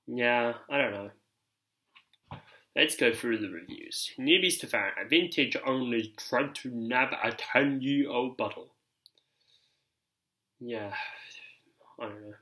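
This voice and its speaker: Guy rambling about perfume, slow easygoing talk, bright tone, lots of ums and likes. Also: medium pitch, poor audio. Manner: loose, filler-heavy, reads reviews aloud. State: ears ringing after a shower. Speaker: fragrance reviewer. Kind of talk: casual rambling chat.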